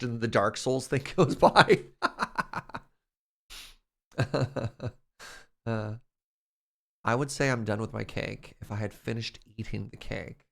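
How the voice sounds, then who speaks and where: A man's voice: on the low side, slow, gravelly, pauses often. A man streaming and chatting casually, reading his chat aloud in a playful way and laughing often.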